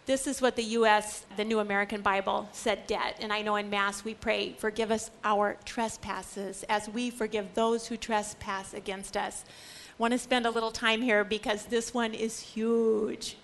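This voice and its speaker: A woman's voice: fairly high pitch, fairly bright tone. A middle-aged woman giving an earnest, emphatic Catholic Bible lecture, acting out the quoted lines. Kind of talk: lecture on scripture.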